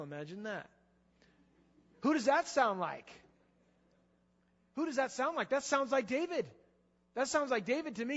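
Preacher guy, high voice, lots of rhetorical questions, echoey hall, kinda dull sound. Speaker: pastor. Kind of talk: sermon.

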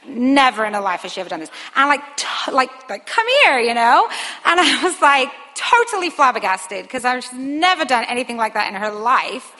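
A woman in her thirties tells a personal story in an earnest, rambling way, often restarting her sentences. Her voice is bright and sits a little high. The recording rings with the long reverb of a hall. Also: sing-song, normal speed. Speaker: mother sharing a personal testimony.

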